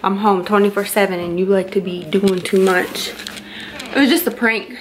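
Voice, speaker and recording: A young woman vlogger with a mid-range, steady voice talks at a moderate pace over background noise. Playfully pranking her boyfriend on camera, she teases him and repeats the same questions.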